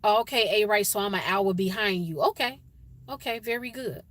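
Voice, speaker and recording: A woman's voice: mid-range voice, normal speed, fairly bright tone, no echo. A woman with a Chicago accent hosting a casual livestream, chatting with viewers and greeting them by name. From Chicago, USA. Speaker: livestream host.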